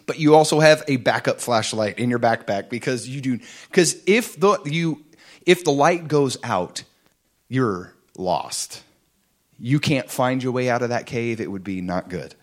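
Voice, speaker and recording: A man preaching a sermon to a congregation, fervent and animated, dropping at times to soft, intimate tones. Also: fairly high pitch. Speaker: pastor.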